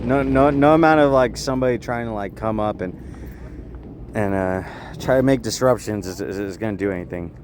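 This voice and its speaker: Young man, rambling street rant, agitated, loud then muttering, faint city noise. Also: fairly low pitch, a little fast. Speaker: vlogger.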